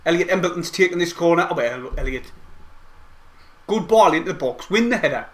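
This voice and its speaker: A man giving excitable, rambling play-by-play of a match from home, as host of a fan watch-along. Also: on the high side, brisk. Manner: excitable, rambling fan commentary with mild swearing. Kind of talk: casual live play-by-play commentary. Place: at home, not at the stadium.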